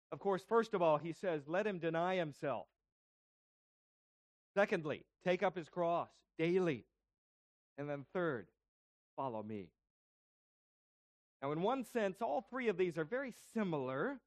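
Male pastor, sermon delivery, high pitch, explanatory and questioning, dry recording. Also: dry recording. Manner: explanatory, asks rhetorical questions.

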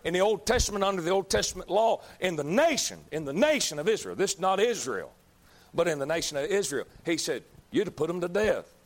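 High-voiced preacher man. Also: very animated, quick pace. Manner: emphatic, repeats lines, builds to shouts. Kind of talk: fiery sermon.

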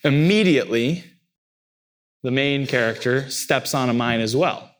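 A man preaching a sermon, animated and acting out cries with sudden leaps in pitch. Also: unhurried. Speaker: pastor.

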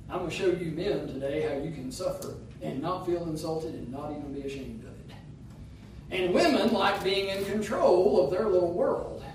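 A man preaches emphatically in a church sanctuary, his rising phrases slipping into half-singing. His voice is high, with slight background noise, picked up by a distant mic in an echoey room.

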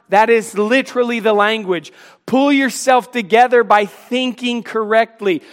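A man's voice: very high-pitched, fairly bright tone. A man preaching a sermon, earnest and pleading, acting out questions and answers between Jesus and a disciple.

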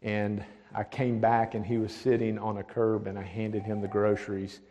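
A man, a pastor, telling a testimony story, dropping to a hush for the words of others. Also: on the low side, level tone, normal speed, a little hiss or hum. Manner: drops to a hushed voice for quoted speech. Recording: long hall reverb.

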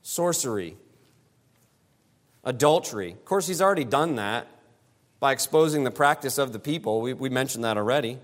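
A man's voice: medium pitch, brisk, fairly bright tone. A man preaching an expository sermon, emphatic and given to repeating phrases for stress. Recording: long hall reverb.

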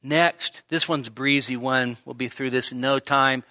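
A man's voice: medium pitch, steady tone, moderate pace, pushed and bright, no room sound, clean studio sound. A man preaching an expository sermon in a church service, candid and self-deprecating, with joking asides. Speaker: pastor.

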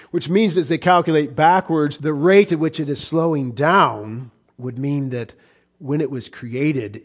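A man pastor preaching a sermon, emphatic, with rhetorical questions and repetition, swinging between hushed and loud. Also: on the high side.

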